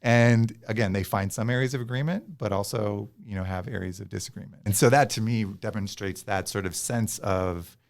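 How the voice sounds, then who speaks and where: A man's voice: on the low side, moderate pace, vocal fry, few pauses. A man, a professor and guest, talking conversationally in an interview with many fillers and restarts.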